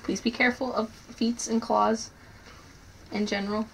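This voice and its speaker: A woman helping bathe a kitten, anxious and giving quick instructions. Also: on the high side, little pitch movement, a bit bright, distant mic. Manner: anxious, gives quick directions. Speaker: kitten caretaker. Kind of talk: casual chat while bathing kittens. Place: home bathroom by a running tub. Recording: clear background noise.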